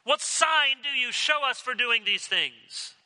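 Man doing combative elders, higher and louder, bright sharp tone, long hall reverb. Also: lively intonation, slow, heavily acted. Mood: indignant. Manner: mocking, challenging questions in a raised voice. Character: indignant temple leaders, grown men, combative.

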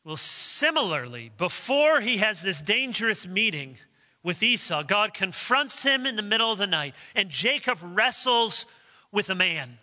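Bright-voiced man preaching in a hall. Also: high-pitched, big pitch swings, unhurried. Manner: earnest, emphatic, voice rises when quoting prayer. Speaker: pastor. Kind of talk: expository sermon.

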